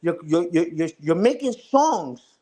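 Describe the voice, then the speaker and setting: A man's voice: a little high, big pitch swings, unhurried, dark tone. A man ranting casually on a livestream, taunting and repeating himself. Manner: taunting, repetitive, says "respectfully" and "you heard".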